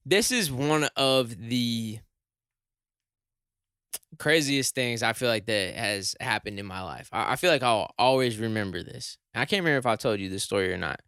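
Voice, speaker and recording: A young man tells a story in a relaxed chat, his bright, crisp voice climbing higher and louder as the tale turns to shock. The sound is close and dry, with no room in it. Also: normal speed, no room sound. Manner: animated, rises high and loud when shocked. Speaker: podcast co-host.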